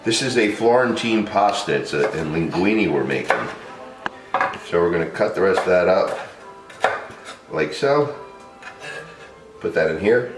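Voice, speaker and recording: A man's voice: sits low, big pitch swings, a little slow, long pauses, reverberant, music in the background. A man hosting a home cooking vlog, talking loosely and chatty to the camera and laughing often as he walks through the prep. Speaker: home cook vlog host. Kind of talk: casual cooking demonstration. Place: home kitchen.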